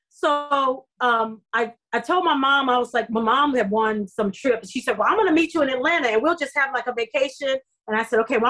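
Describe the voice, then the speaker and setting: Animated middle-aged woman telling a story. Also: high-pitched. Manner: animated, acts out quoted dialogue. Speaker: actress guest. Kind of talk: podcast interview storytelling.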